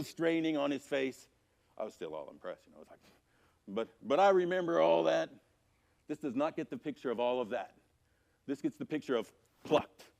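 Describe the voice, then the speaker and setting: A man teaching a church Sunday school class from scripture, animated, swinging from loud emphasis to quiet, low passages. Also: creaky. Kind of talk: Bible teaching. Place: church auditorium.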